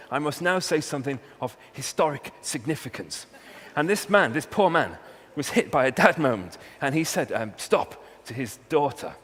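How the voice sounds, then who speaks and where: A man with a Welsh accent, a university researcher giving a humorous talk and hitting key words with punchy emphasis. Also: medium pitch. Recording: long hall reverb, faint hum.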